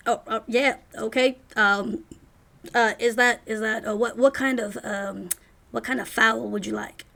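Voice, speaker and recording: Game master, woman, gravelly, rambling. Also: on the high side, steady tone, a bit bright. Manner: rambling, halting, many fillers. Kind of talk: tabletop game narration.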